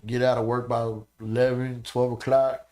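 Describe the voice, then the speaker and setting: A man's voice: mid-range voice, normal speed. Man telling stories in a casual podcast chat. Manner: animated, profane storytelling with frequent "you know what I'm saying". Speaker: podcast guest.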